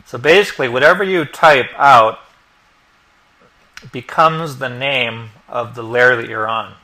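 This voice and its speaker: A man narrating a software tutorial step by step as the instructor, explaining each click as he goes. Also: mid-range voice, unhurried. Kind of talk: screen-recorded tutorial narration.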